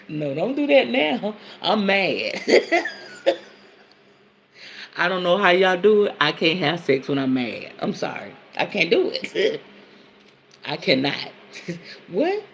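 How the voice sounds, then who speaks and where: Laughing, candid woman with a gravelly voice. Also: fairly low pitch, expressive, slow, pauses often, a little hiss or hum. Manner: candid, laughing, talks straight to listeners as y'all. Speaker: podcast host and women's counselor. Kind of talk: casual storytelling monologue.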